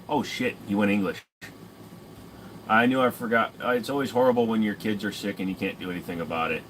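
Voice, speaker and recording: A man's voice: fairly low pitch, a little fast, a bit bright, a little hiss or hum. Profane, joking young man chatting. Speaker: streamer answering chat. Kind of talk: casual live chat.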